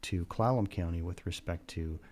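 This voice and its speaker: A man giving a measured, earnest radio interview as a county coroner, pausing often with "uh". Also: deep voice, darkish tone. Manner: measured and earnest, with frequent "uh" pauses. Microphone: studio microphone.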